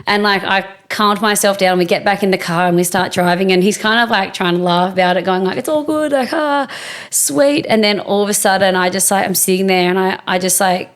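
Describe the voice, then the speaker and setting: A woman's voice: medium pitch, flat delivery, quick pace, few pauses, fairly bright tone, smooth. A woman co-hosting a podcast, telling a story in casual chat, acting out quotes with many fillers. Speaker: podcast co-host.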